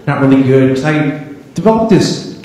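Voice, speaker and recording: A young man doing stand-up comedy on a club stage, telling stories in a deadpan way and acting out his family and the police. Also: mid-range voice, normal speed, a little hiss or hum. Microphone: handheld stage mic. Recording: live club recording, roomy echo, crowd laughter. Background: audience laughter.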